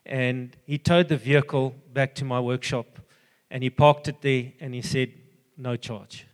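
An older man giving an earnest, halting personal testimony full of fillers and restarts. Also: medium pitch, steady tone, long reverb tail. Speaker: church member giving a testimony.

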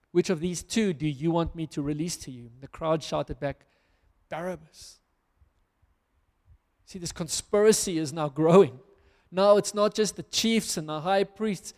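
A man's voice: high voice, a little mellow, big-room sound. A man preaching a sermon as a pastor, reading scripture aloud and then applying it earnestly to his listeners.

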